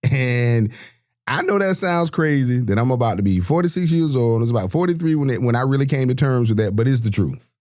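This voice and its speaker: A man's voice: medium pitch, expressive, brisk, darkish tone. A man, a podcast guest telling his life story in an earnest, reflective way. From Georgia, US. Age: 40s. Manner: earnest, reflective, with many restarts. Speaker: podcast guest, sports broadcaster. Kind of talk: candid personal storytelling.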